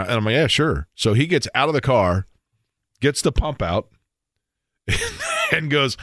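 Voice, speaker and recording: Brief: sports radio host, late 40s, mid-pitched man, dry close studio sound, lively storyteller. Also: measured pace, pauses often, dry recording. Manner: storytelling, animated in quoted bits. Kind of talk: casual radio talk.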